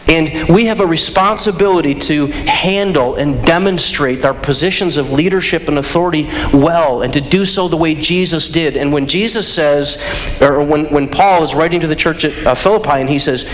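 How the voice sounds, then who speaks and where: A man pastor preaching a sermon, telling stories in an animated way with restarts and side remarks. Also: a little high, normal speed, slight background noise. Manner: animated storytelling with restarts and asides. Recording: long hall reverb, faint ambience.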